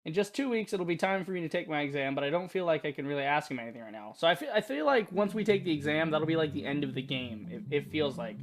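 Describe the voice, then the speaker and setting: A young man reading and commenting on a story game, casual and excitable, swearing freely and reacting loudly. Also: a little high, quick pace, few pauses. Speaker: gaming YouTuber. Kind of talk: let's-play commentary.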